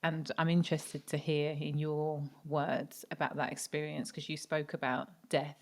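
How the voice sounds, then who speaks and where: A woman hosts a podcast and puts questions to her guest in a measured, unhurried way. Her voice is low for a woman and barely moves in pitch. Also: little pitch movement. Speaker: podcast host. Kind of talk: interviewing on a podcast.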